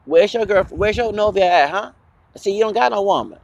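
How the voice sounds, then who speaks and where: Gravelly man ranting on his channel. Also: high-pitched, expressive, brisk, highs cut off. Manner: confrontational, profane, rambling. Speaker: channel host. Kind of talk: angry ranting vlog.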